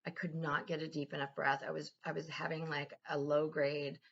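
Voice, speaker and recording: A woman's voice: deep voice, moderate pace, gravelly, lo-fi sound. A woman vlogger telling a personal story in a candid, profane way, acting out the lines of the people in it. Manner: candid, profane, animated retelling with quoted dialogue. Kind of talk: casual confessional storytelling.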